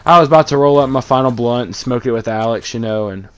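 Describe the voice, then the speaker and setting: A man from East Texas tells a rambling, profane story about his own life, swearing a lot and acting out the quotes. His mid-range voice is fast, clean, and fairly bright.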